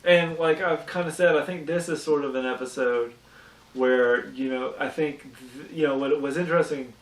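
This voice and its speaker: A man's voice: fairly high pitch, steady tone, normal speed. A man on a podcast casually recapping a cartoon episode, rambling with many restarts. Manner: rambling, restarts a lot, acts out character quotes. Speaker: podcast co-host. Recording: echoey room, mic at a distance.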